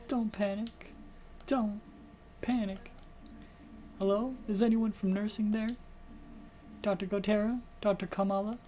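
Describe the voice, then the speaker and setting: A man voicing an anxious young junior doctor, in a high, nervous voice over game music. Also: mellow, slight background noise. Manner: jittery, calling out nervously.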